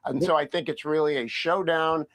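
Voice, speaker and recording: A man's voice: fairly high pitch, fairly even intonation, moderate pace, fairly bright tone. A man giving firm, assertive commentary on foreign policy in a clip played from a broadcast. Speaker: political commentator.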